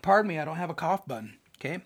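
A Bible teacher leading a recorded study session, animated and folksy, who often checks in with listeners by asking "right?". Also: medium pitch, racing, breathy edge. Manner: animated, acts out scripture characters, folksy slang.

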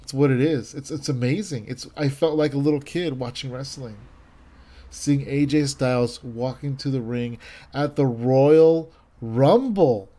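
A man's voice: medium pitch, a little slow, mellow. A man in his thirties in casual chat, rambling and enthusiastic, with many fillers and restarts.

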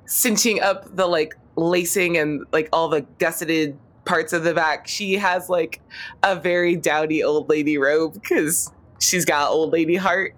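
A woman's voice: low-pitched, fairly even intonation, a little slow. A woman playing a tabletop game, narrating her character's actions in a chatty way. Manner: chatty, laughing asides. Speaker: player.

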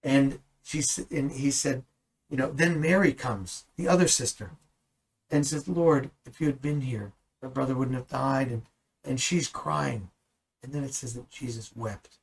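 A man's voice: medium pitch, a little slow, vocal fry, husky, poor audio. A man teaching the Bible in a conversational way, earnest and at times emphatic. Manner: earnest, rising to emphatic bursts.

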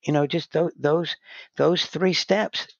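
A man's voice: a little high, steady tone, takes it slowly, creaky, no room sound. A man guest telling stories in casual conversation, often restarting his sentences. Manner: rambling, restarts sentences, heavy "you know" filler. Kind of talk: conversational storytelling. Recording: dull lo-fi dry sound.

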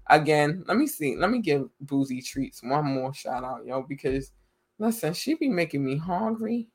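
Bright-voiced effusive podcast host. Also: medium pitch. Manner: effusive, grateful, loose slangy delivery. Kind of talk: casual livestream shout-outs.

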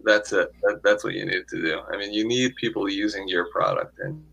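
A man speaking as an investor guest in a casual interview, halting with frequent restarts. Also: lowish voice, creaky, pushed and bright, poor audio. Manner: halting, many restarts and fillers.

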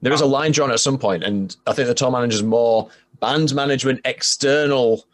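A man hosting a podcast interview, asking questions in a halting way with restarts. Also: mid-range voice. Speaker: podcast host. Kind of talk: casual interview.

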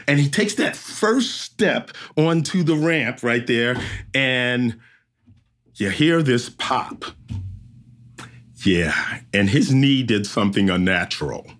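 Race emcee, male, average pitch, animated storyteller who acts out every beat. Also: slow pace, pauses often. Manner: lively storyteller who acts out sounds and voices.

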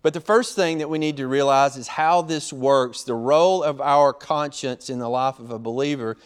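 A man preaching a sermon, animated, acting out quotes as he teaches. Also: mid-range voice, moderate pace, smooth. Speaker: pastor.

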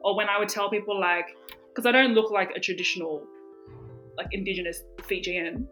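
A young woman, co-hosting a podcast and telling stories in a casual, animated way, full of fillers and swearing. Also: medium pitch, fairly quick, soft background music. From Australia. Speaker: podcast co-host. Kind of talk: casual chat.

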